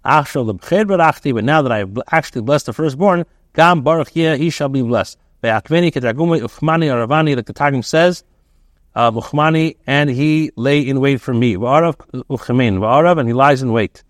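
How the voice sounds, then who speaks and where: A man teaching as a rabbi, a text aloud and translating it line by line in a halting way, with many restarts and fillers. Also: medium pitch, dry recording, studio quality.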